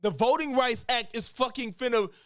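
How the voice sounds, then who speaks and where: A man's voice: extremely high pitch, normal speed, dry recording, studio quality. A man streaming a reaction to a clip, arguing back at it and questioning what he hears. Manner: animated, argumentative, talks back at the clip. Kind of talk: reaction commentary.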